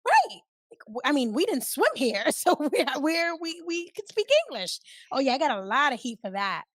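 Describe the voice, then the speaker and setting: A woman from the Bronx hosts a relaxed podcast chat. She is lively, laughs easily and acts out other people's lines. Her voice sits a little high, and the sound is close and dry. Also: normal speed, dry recording. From Bronx, New York. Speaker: podcast host. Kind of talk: casual chat.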